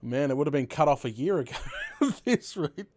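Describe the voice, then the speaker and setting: A young Australian man with a slightly high voice talks briskly, with no room sound in the recording. He's hosting a live stream, chatting casually and telling animated stories while laughing often.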